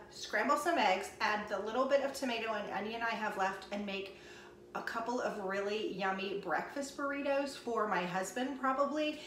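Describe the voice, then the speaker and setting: Woman, folksy cooking vlog chat, slightly high voice, echoey kitchen. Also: a bit bright, distant mic, a little hiss or hum. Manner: chatty, folksy, addresses viewers as y'all. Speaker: cooking vlogger. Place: home kitchen.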